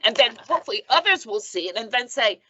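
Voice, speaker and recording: A woman's voice: on the high side, expressive, quick pace, pushed and bright, muffled recording. A woman in her seventies from Philadelphia, a reverend speaking as a podcast guest, emphatic and preacherly, often checking in with "okay?". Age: 70s. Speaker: guest, reverend and foundation president. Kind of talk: conversational podcast interview.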